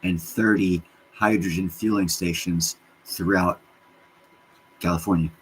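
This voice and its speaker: Hosting a casual livestream, a man with a very deep voice responds to viewer comments at an unhurried pace. He swears a lot, gets excited and wanders from topic to topic. The recording is rough, with a faint hiss beneath his voice.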